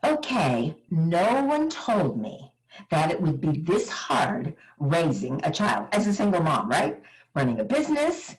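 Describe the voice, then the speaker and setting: A woman's voice: deep voice, low-quality recording. Older woman telling a dramatic story on stage. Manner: animated, dramatic storytelling with pauses. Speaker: keynote motivational speaker. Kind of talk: motivational keynote storytelling.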